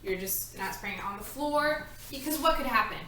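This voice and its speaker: A woman's voice: on the high side, lively intonation, moderate pace, pushed and bright, slight background noise. Woman, home baker, chatty step-by-step tutorial; distant mic, echoey kitchen. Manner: chatty, talks through each step while working. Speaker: home baker demonstrating a recipe. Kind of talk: casual cooking tutorial.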